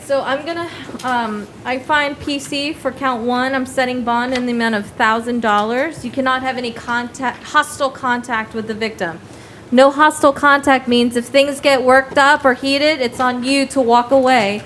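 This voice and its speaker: A woman judge running a bond hearing in a courtroom, brisk and formal. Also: high-pitched, steady tone, fairly bright tone, slight background noise, low-quality recording. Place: courtroom with loud air vent.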